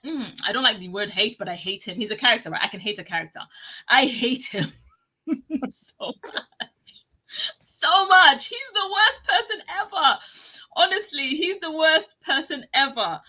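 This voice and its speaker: A woman hosting a live online show, chatting casually and telling stories excitedly, often breaking into laughter. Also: medium pitch, rough recording. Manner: excitable, animated storytelling with laughs. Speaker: talk show host. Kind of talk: live casual TV review chat.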